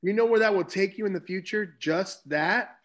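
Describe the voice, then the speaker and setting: A man with a fairly high voice joins a sales training video call in a casual way. He adds short, encouraging comments between the main speaker's points. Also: normal speed, fairly bright tone. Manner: chimes in with short encouraging remarks. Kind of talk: casual chat.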